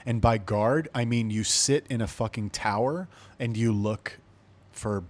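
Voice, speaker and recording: A man's voice: fairly low pitch, a little slow. A man hosting a podcast, telling a story in a casual, blunt, profane way. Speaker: podcast host.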